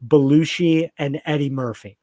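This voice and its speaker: A man's voice: a little high, moderate pace, darkish tone, no echo. A man in casual podcast chat, talking with enthusiasm and rambling through many fillers and restarts.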